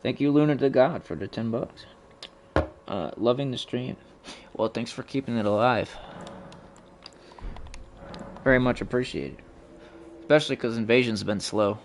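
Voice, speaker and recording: A man's voice: medium pitch, normal speed, pauses often, slight background noise. A man streaming a game live, cursing and trash-talking opponents and chatting casually with viewers. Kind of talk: live gaming stream commentary.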